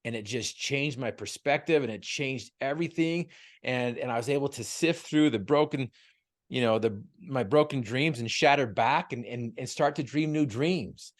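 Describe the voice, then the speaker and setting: A man's voice: medium pitch, normal speed. Earnest man telling his story. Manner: earnest, emotional storyteller with frequent repeated words. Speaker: guest, motivational speaker. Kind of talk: heartfelt storytelling.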